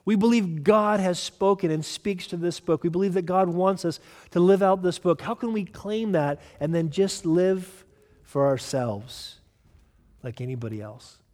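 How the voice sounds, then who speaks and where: A male pastor preaching a sermon with emphatic delivery, swinging from loud urgent lines to hushed ones. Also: sits high, measured pace, long reverb tail.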